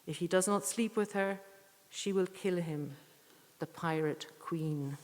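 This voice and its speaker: Middle-aged woman, lowish voice, reads poems at a tribute evening, church reverb. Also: a little mellow, a little hiss or hum. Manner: measured, deliberate reading with rambling asides. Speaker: poet reading at a tribute evening. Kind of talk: poetry reading with chatty introductions.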